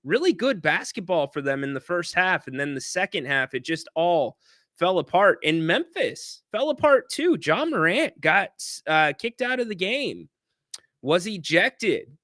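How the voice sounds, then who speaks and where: Male sports host, animated and chatty with a punchy bright voice, dry room sound. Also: sits high, measured pace, no room sound. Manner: animated, chatty, reads viewer chat aloud. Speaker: sports talk show host. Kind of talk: casual sports talk livestream.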